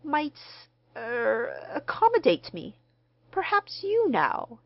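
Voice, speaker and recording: A woman reading the part of a mild, courteous gentleman stranger who speaks formally. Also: medium pitch, very animated, moderate pace, muffled recording, voice pushed up. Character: mild, polite middle-aged gentleman stranger.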